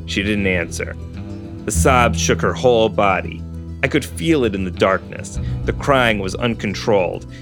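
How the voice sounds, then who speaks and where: A man with a fairly low voice reads a story aloud in a steady first-person narration, pausing for dry asides. Plucked guitar music runs clearly beneath him. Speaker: podcast host reading a novel aloud. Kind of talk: storybook reading with casual commentary.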